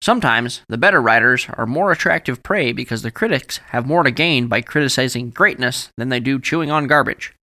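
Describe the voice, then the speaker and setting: A man's voice: mid-range voice, expressive, fairly quick, hardly any pauses, pushed and bright. A man voicing a nervous, fretful middle-aged male editor who talks anxiously in a raised, pleading voice. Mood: earnest. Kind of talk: audiobook character voice.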